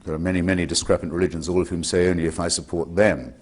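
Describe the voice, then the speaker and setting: A man answering questions in a sardonic, deliberate way with precise wording. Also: low-pitched, flat delivery, husky.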